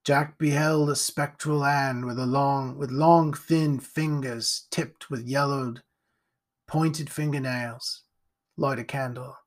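A man narrating a horror story in a slow, deliberate storytelling manner. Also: mid-range voice, fairly even intonation.

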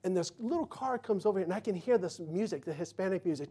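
A man's voice: high voice, animated, fast, mellow, breathy edge. A middle-aged male pastor telling folksy personal stories in a sermon, acting out the voices of the people in them. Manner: folksy storytelling, acts out quotes.

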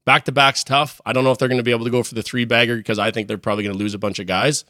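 Canadian guy co-hosting a sports podcast, mid-pitch voice, upbeat and jokey, dry close sound. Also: little pitch movement, rapid-fire, pushed and bright, no echo. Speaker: podcast co-host. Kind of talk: casual sports chat.

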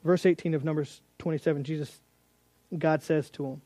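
A man giving a Bible teaching to youth in an animated, storytelling way, with casual asides. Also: a little high, fairly quick, dry recording.

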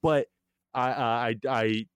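A man's voice: mid-range voice, slow pace, clear, resonant tone, no echo. A young man talks through a TV recap in a loose, self-mocking way. His delivery wanders and restarts with plenty of energy. The sound is close and dry. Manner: animated, rambling, self-mocking. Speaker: podcast co-host. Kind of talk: casual recap chat.

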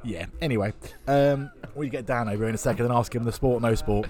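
A middle-aged man rattling through a podcast chat at a brisk clip, rambling and cracking jokes at his own expense. He talks casually from a pub. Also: medium pitch, darkish tone. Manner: rambling, joking, self-mocking. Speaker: podcast co-host.

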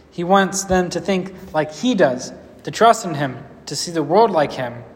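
A man preaching a casual storytelling sermon, conversational and relaxed, with playful asides. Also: on the high side, in a large hall.

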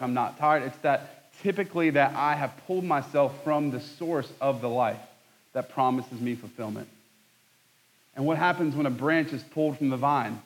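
A man in his thirties preaching a conversational sermon, joking at his own expense with lively asides. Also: fairly high pitch, rough recording. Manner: conversational, self-deprecating, animated asides. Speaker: pastor.

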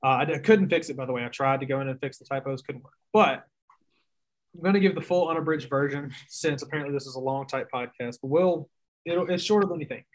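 A man's voice: mid-range voice, fast talker. A young man with a Southern US accent, a guest writer telling long stories in casual, self-mocking podcast chat. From Mississippi. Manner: drawling storyteller, self-mocking.

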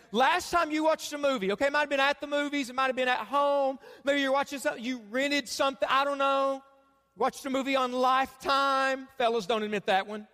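A pastor in his thirties with a strikingly high voice delivers an animated sermon, teasing the congregation. His voice rings out through a large church hall with a long, trailing reverb. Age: 30s. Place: church sanctuary.

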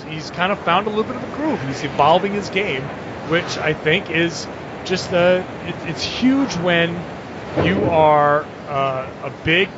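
A man co-hosting a casual sports podcast, animated as he reads listener tweets aloud. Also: high voice. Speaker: podcast co-host. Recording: muffled lo-fi audio with clear background noise.

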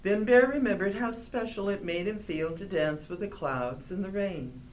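A storybook reader, a woman with a medium-pitched voice, reads a children's picture book aloud at normal speed in a gentle, expressive way.

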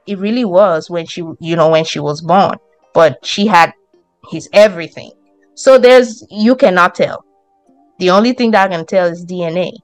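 Firm woman with a lowish voice. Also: dry recording, rough recording. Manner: firm, explanatory. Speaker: book club member. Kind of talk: casual discussion.

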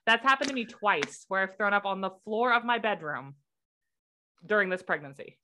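Bright-voiced young woman, animated storyteller. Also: mid-range voice, moderate pace. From United States. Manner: animated storytelling, acts out quotes. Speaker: podcast co-host. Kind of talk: casual chat.

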